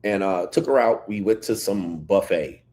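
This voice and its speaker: A man hosting a casual livestream, reading chat comments and telling stories in an animated way. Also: sits low, normal speed. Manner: animated storytelling, reads chat comments aloud. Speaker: livestream host.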